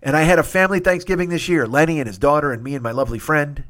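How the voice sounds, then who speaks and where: A middle-aged man hosting a podcast, telling a rambling, profane, excitable comic story. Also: on the high side, rapid-fire. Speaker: podcast host.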